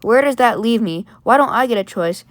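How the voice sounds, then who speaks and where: A woman's voice: on the high side, lively intonation, fairly quick, no room sound, lightly acted. A woman voicing a tired, resigned male robot built as an old statesman, speaking in a gloomy way. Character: weary robot man built as a famous president.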